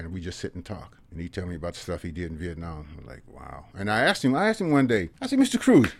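A man in his seventies, a military veteran, telling personal stories earnestly in an interview, often dropping to quiet asides. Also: deep voice. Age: 70s. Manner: earnest, repeatedly drops into quiet asides and tags "okay?".

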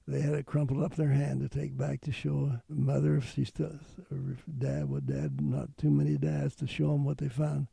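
An older man, interviewed, telling a personal memory in a halting, earnest way. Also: a little high, flat delivery, mellow, no room sound. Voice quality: gravelly. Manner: halting, earnest storytelling with restarts.

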